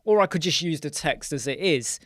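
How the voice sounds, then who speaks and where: A man hosts a live question-and-answer stream, talking loosely and thinking aloud as he works through a screen demo. He breaks off to greet viewers by name and then picks his point back up. His voice sits a little high, and the sound is dry and close. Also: animated, normal speed, fairly bright tone, dry recording. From United Kingdom. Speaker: host of a live web design Q&A.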